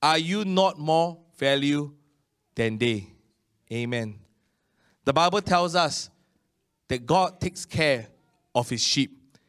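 A middle-aged man with a Singaporean English accent, preaching a conversational sermon with frequent Amens and slow, emphatic phrases. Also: fairly high pitch, lively intonation, a bit bright, clear, resonant tone.

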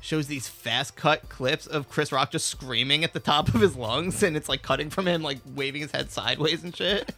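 A young man co-hosting a casual movie review podcast, animated, laughing often and swearing casually. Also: fairly high pitch, normal speed, faint music behind. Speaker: podcast co-host.

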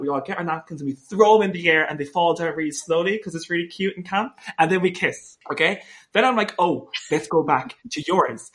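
A man speaks quickly and with a lively bite in a casual podcast chat. His voice sits a little high and has a bright, forward edge. He tells his story in a camp, animated way. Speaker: podcast co-host.

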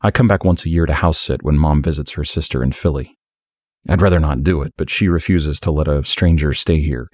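A man's voice: extremely low pitch, brisk, a little mellow, no room sound, studio quality. A man voicing a nervous, evasive man in his twenties who stammers, in an audiobook reading. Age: 20s. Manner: hesitant, stammering.

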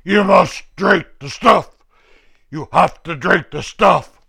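A man's voice: high-pitched, takes it slowly, gravelly, bright, forceful tone, husky, voice pushed up, full character voice. A man voicing stern, bullying medical staff who bark commands with mock menace. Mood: commanding.

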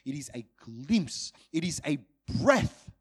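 A man preaching a sermon to his congregation, moving between urgent, loud peaks and hushed, drawn-out phrases. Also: very animated, slightly rough. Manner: dynamic, swings from loud urgent peaks to hushed low delivery.

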